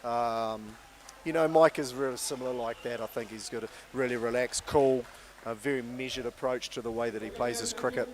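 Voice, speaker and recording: Relaxed New cricket commentator man. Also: medium pitch. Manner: relaxed, measured, chatty analysis. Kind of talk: live sports commentary.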